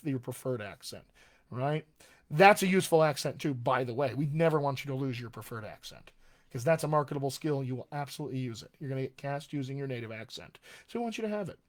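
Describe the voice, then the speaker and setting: A man working as a dialect coach, talking casually on a live-streamed Q&A, chatty with many fillers and restarts. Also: on the high side.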